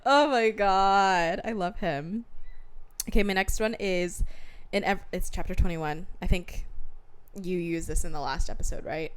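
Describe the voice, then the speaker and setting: Young woman co-host, somewhat low voice, animated and enthusiastic in casual book chat. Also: measured pace, clean tone. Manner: animated, enthusiastic, laughs easily. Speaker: podcast co-host. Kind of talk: casual chat about books.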